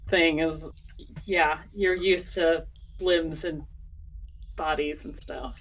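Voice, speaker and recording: Chatty woman player, low voice. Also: steady tone, takes it slowly, slight background noise, rough recording. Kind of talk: casual chat.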